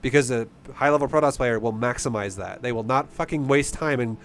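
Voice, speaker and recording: A man's voice: mid-range voice, brisk, a little hiss or hum. A man coaching a player through a game replay in a casual, blunt, profane and passionate way. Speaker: StarCraft coach.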